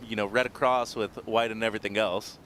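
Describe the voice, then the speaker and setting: A man from Mexico working as co-commentator, explaining surf and slang in a relaxed, friendly way. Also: lowish voice, brisk, a little hiss or hum. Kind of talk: live sports commentary.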